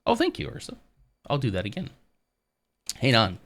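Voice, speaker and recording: A man's voice: mid-range voice, normal speed. A man streaming live from his home office, chatting casually and rambling a little as he talks to his viewers. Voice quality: smooth voice. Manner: rambling, relaxed, talks to chat.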